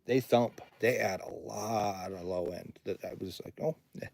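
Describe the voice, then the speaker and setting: Male studio owner, casual livestream host, slightly low voice, rambling chat, reads chat comments aloud. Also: steady tone, unhurried, creaky, darkish tone. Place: home recording studio.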